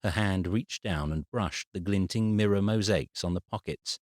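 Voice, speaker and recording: A man with a British accent narrating a family comedy audiobook in an expressive, varied delivery. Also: low voice, moderate pace, dry recording, clean studio sound. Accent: British English. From England. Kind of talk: scripted narration.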